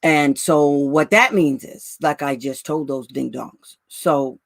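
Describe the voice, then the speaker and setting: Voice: medium pitch, slow, gravelly, no echo, clean studio sound. A special education advocate in casual livestream talk with parents, blunt and brash, laughing often and calling listeners "girl" and "honey".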